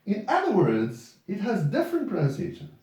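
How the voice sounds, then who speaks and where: Echoey, lively male teacher from afar. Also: high-pitched, normal speed. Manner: patient, repeats words for students. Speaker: English teacher. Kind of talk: classroom pronunciation lesson. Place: classroom. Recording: echoey classroom from far off.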